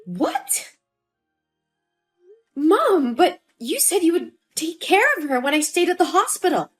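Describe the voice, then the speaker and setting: A woman's voice: sits high, very animated, unhurried, darkish tone, faint music behind. A woman voicing a young mother who pleads in distress over her missing daughter, in a dramatized story. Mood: distraught.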